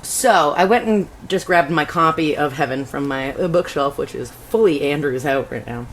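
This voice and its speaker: A woman's voice: low voice, moderate pace, a little hiss or hum. A woman co-hosting a podcast, chatting casually about a book and laughing often. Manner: laughing, reads passages in a put-on Scottish auntie voice. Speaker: podcast co-host.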